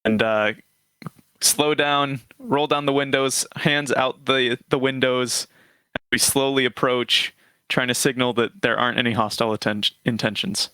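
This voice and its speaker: A man's voice: medium pitch, fairly even intonation, unhurried, bright, forceful tone, clean tone, no room sound. A man playing a tabletop game, describing his moves in a casual, hesitant way. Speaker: player. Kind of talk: tabletop role-play chat.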